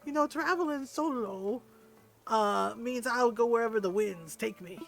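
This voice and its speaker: A woman reading game dialogue aloud as a breezy solo traveler with a relaxed, folksy way of talking. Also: fairly high pitch, measured pace, vocal fry, music in the background.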